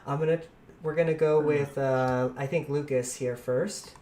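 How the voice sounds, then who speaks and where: A man's voice: on the high side, fairly even intonation, slow, mellow, faint music behind. A man hosting a casual gaming podcast from home, loose and chatty and laughing often. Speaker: podcast host. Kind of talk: casual chat.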